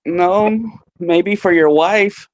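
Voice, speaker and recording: A woman from the South with an unusual Southern accent and a very deep voice, teasing the others during a stream. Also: drawn-out words, slight background noise. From American South. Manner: teasing, sassy. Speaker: stream guest. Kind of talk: casual banter.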